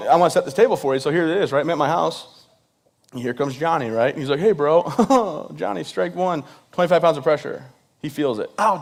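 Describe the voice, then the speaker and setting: A man in his thirties giving a joking speech to a live audience, playfully acting out the voices of people he quotes. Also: on the high side. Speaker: event speaker.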